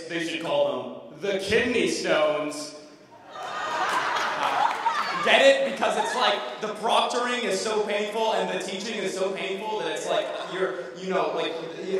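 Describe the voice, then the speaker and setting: High-voiced teen boy doing stand-up in a big echoey hall. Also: a little hiss or hum. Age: teens. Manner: animated, rambling, self-mocking. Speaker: student comedian. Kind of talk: stand-up comedy routine. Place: large school auditorium stage. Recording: roomy echo from far off, audience ambience.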